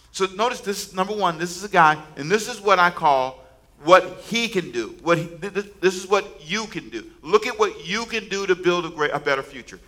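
Male preacher, bright and forceful, slightly high, emphatic call-and-response sermon. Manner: emphatic, repeats words and phrases. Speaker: pastor.

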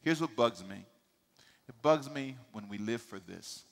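Middle-aged man, pastor, emphatic call-and-response sermon, quiet to shouting, long church-hall reverb. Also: mid-range voice, expressive, a little slow, creaky. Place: church sanctuary.

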